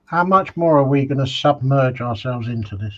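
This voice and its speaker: A man's voice: mid-range voice, expressive, moderate pace, fairly bright tone. A man co-hosting a casual live stream, making brief dry quips and laughing easily. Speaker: co-host. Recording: dull lo-fi line with faint hiss.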